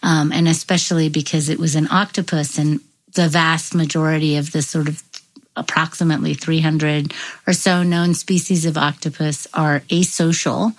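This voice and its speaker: A woman scientist in an interview, explaining her research in an animated, storytelling way. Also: sits low, rough recording. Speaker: neuroscientist guest. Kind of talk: interview conversation.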